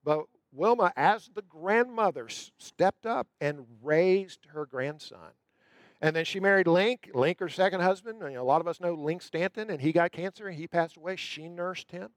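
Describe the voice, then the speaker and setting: A man with a notably high speaking voice delivers a sermon, telling a story with emphatic pacing and lingering on key words. The sound is close and dry, with no room echo. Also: normal speed. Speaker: pastor.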